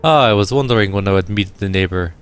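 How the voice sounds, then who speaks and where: A man voicing a polite, cultured male drone engineer in a video game, speaking in a measured, formal way. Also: lowish voice, smooth, soft background music, close to an everyday voice. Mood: courteous.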